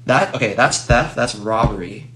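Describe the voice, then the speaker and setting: A young man co-hosting a podcast in casual chat, rambling through animated explanations full of "like". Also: medium pitch, normal speed. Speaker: podcast co-host. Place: room in a home. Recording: echoey room with steady noise.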